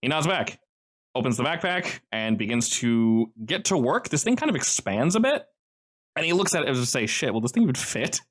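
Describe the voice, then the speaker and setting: A man's voice: mid-range voice, big pitch swings, fairly quick. A man narrating as game master, casual and loose, with lots of fillers.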